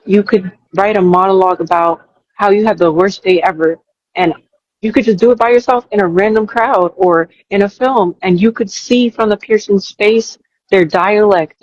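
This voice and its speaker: A woman's voice: lowish voice, no echo, muffled recording. A young woman, a college student, answering interview questions in an earnest way, thinking aloud and restarting her sentences. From New York. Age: young adult. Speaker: interview guest.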